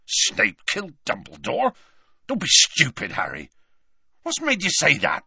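A man voicing a huge, hairy gamekeeper with rough, folksy speech in a storybook reading. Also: medium pitch, wildly swooping pitch, moderate pace, pushed and bright, dry recording, pitched above the performer's own voice, exaggerated voice. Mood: disbelieving. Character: huge hairy male gamekeeper, gruff and kindly.

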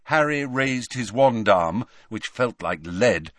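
Expressive, bright-voiced male narrator. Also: mid-range voice, slow pace, no echo. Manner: expressive storytelling. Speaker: audiobook narrator. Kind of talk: scripted narration.

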